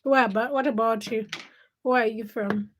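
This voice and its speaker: Young woman from Uganda, livestream host, chatty storyteller, slightly high voice. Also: steady tone, normal speed, slight background noise. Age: young adult. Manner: chatty storytelling with bursts of laughter. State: sleepy. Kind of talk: casual livestream chat.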